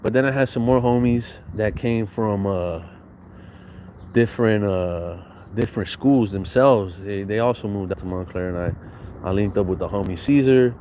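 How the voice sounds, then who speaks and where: A man with a lowish voice tells a loose, rambling story. His talk is full of street slang and swearing, and he often restarts a thought midway. The delivery stays relaxed and conversational throughout. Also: normal speed, slight background noise, rough recording. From San Bernardino, Southern California. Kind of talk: casual storytelling.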